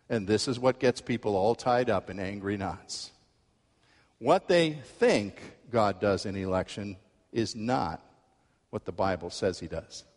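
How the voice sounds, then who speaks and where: A male pastor preaching a sermon, telling a story with lively acted-out quotes. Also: lowish voice, long reverb tail. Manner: animated storytelling, acts out quoted voices.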